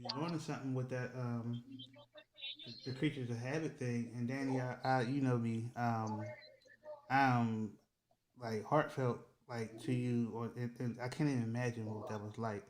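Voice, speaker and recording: A man's voice: medium pitch, steady tone, measured pace, a crowd in the background, rough recording. A man who works as a relationship educator hosts a casual panel discussion, leaning on fillers, repeating words and asking the group questions.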